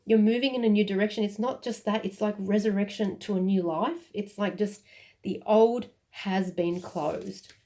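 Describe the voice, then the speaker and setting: A woman's voice: medium pitch, steady tone, normal speed, mellow. A woman giving a casual, rambling tarot reading to her viewers, with frequent fillers and self-corrections and emotional, emphatic moments. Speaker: tarot reader.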